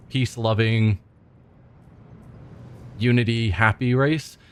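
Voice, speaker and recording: Man, mid-pitched voice, let's play host, casual commentary, reads game text aloud, thinks aloud.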